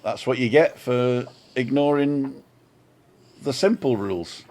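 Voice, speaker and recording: Older man, chatty vlog co-host, storytelling with chuckles, mid pitch. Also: slow pace, darkish tone. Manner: rambling storyteller, chuckling, self-mocking. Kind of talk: casual chat on a live stream. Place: home balcony.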